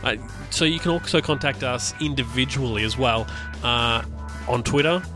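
A man's voice: mid-range voice, normal speed, over music. A man co-hosting a casual podcast, rambling with restarts and fillers. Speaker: podcast co-host.

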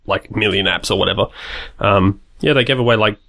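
A man's voice: fairly low pitch, brisk, gravelly, a bit bright. A man chatting on a podcast, hesitant with frequent restarts. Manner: hesitant, many restarts and fillers. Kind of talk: casual chat.

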